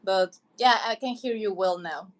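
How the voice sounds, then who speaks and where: A woman's voice: mid-range voice, normal speed. A woman co-hosting a podcast over a video call, chatting casually and prompting her co-host's story. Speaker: podcast co-host. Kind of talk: casual chat.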